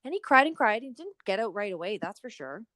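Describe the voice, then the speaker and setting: A woman in her thirties co-hosting a podcast, chatting casually and telling animated stories. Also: medium pitch, quick pace, dry recording, clean studio sound. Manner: animated storytelling, acts out inner voices. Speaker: podcast co-host. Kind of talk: casual chat.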